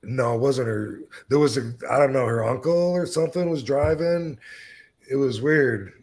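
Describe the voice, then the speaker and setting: A man's voice: medium pitch, normal speed, darkish tone, husky. A man in his fifties hosting a podcast, telling a rambling, profane, self-deprecating story in casual talk. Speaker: podcast host.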